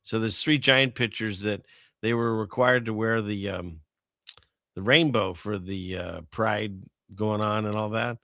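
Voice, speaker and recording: A man's voice: on the low side, fairly even intonation, measured pace, sharp tone, no room sound, studio quality. A man hosting a casual chat show, rambling through items and chuckling at his own jokes. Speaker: podcast host.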